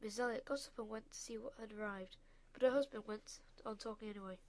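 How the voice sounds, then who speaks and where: A woman narrating a children's story in a measured, expressive way. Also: mid-range voice.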